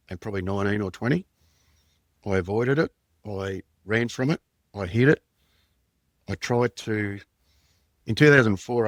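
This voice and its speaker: Australian man, low voice, dry sound. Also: no echo. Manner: plain-spoken, rambling recollection with slang. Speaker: podcast guest, former undercover detective. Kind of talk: candid storytelling in conversation.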